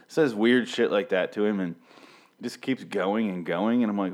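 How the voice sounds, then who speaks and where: Irreverent man in his thirties, low voice. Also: moderate pace, darkish tone. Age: 30s. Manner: rambling and irreverent, with frequent swearing and self-interruptions. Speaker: podcast host reviewing a TV show. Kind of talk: casual, profane solo commentary. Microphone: studio mic with pop filter.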